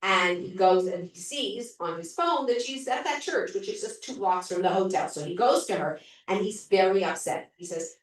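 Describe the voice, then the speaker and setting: A woman gives a chatty book review, retelling the story with an animated, rising-and-falling voice. She sounds far from the mic in a very echoey room. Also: medium pitch, moderate pace. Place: library room.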